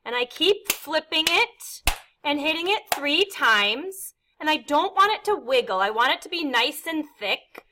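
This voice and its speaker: A woman's voice: high-pitched, lively intonation, unhurried, noisy background. A woman art teacher demonstrating a kindergarten clay lesson, explaining each step patiently and counting aloud. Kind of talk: instructional demonstration.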